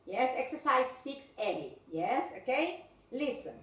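A woman's voice: high voice, very animated, slow, fairly bright tone. A woman teaching an English class. She keeps checking understanding with "yes, okay?". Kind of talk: online class instruction. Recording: echoey room, distant mic.

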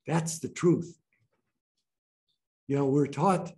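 A man teaching a group about breathwork in a gentle, playful way, often laughing as he talks. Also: mid-range voice, a little slow, creaky, pauses often. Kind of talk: informal group teaching talk. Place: training room with a group.

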